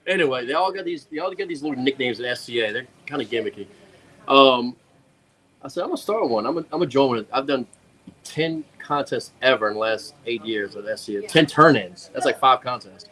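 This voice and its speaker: A man's voice: mid-range voice, a little fast. A man telling a funny story on a casual talk show, acting out what people said. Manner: animated, laughing storyteller acting out quotes.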